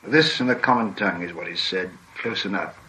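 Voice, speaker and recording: A man voicing an ancient wizard in an audiobook reading, with a hushed, measured delivery. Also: sits low, low-quality recording. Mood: grave. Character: ancient grave male wizard, solemn and commanding.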